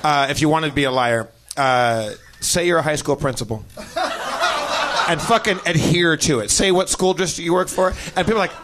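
A man's voice: fairly high pitch, a little fast, noisy background. A man from Milwaukee telling a story on a podcast, stammering and repeating words and laughing as he goes. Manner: stammering, animated, laughs through stories. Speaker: podcast guest telling stories. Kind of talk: casual storytelling chat.

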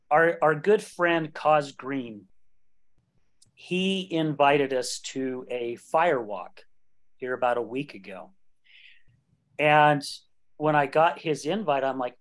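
A man in his late fifties hosting a podcast, talking candidly and joking, laughing often. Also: a little high. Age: late 50s. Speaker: podcast host. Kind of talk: casual conversation.

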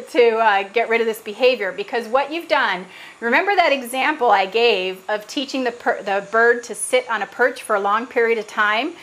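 Higher-voiced middle-aged woman, patient trainer. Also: fairly bright tone, rough recording. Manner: earnest, patient, example-driven. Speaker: animal trainer. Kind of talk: explaining parrot training in a Q&A. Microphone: video call.

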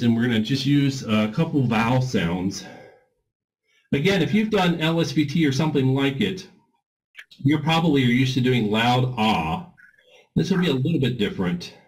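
A man leading a group voice warm-up class in an informal, encouraging coaching way. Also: mid-range voice, a little hiss or hum, rough recording. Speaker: voice exercise instructor.

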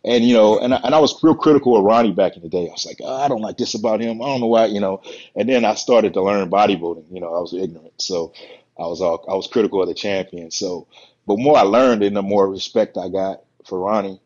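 A man who is a bodybuilder and podcast guest, telling stories in a relaxed, rambling way and acting out the quotes. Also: low-pitched, quick pace. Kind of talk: casual storytelling on a podcast. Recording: muffled lo-fi podcast audio.

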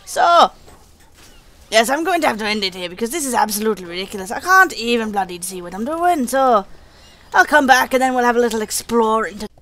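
A woman's voice: fairly high pitch, expressive, a little fast, fairly bright tone. A woman giving chatty, sweary let's-play commentary, slipping into a mock pirate lilt. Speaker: gaming channel host.

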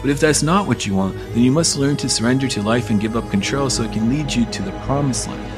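This man talks fast in a mid-range voice while music plays behind him. He delivers a casual, forceful self-help pitch that's blunt and heavy on profanity.

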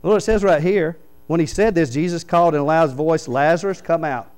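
A man, a pastor preaching a sermon in church, reading scripture aloud and explaining it with animated stories. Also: a little high, a little fast, low-quality recording. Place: church sanctuary.

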